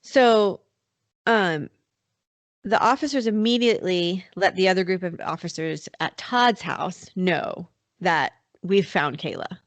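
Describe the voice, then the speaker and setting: A woman with a slightly low voice tells a true-crime story to her co-host in a loose, conversational way, full of fillers. The sound is dry and close, with no room echo. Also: slow pace. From North Carolina. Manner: chatty, many fillers like "like" and "you know". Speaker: podcast host.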